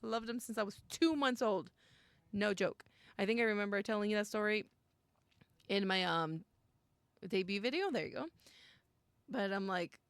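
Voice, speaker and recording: Excitable young woman with gravelly fry. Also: medium pitch, no echo. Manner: excitable, gasps and squeals at scary moments, mixes in Spanish. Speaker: streamer playing a visual novel. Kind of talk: reading game text aloud with reactions and chat.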